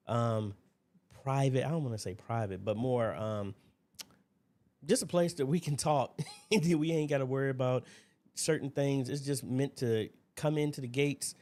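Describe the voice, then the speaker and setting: Fairly low in pitch and a touch mellow, a man talks through a desk mic at his computer during a casual livestream Q&A. He's chatty and wandering, welcoming viewers by name.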